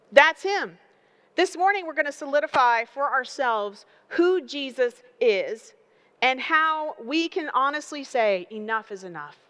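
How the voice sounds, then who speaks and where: A woman preaching a sermon, building emphatic repeated phrases and telling animated stories. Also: sits high. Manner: animated storytelling with acted voices.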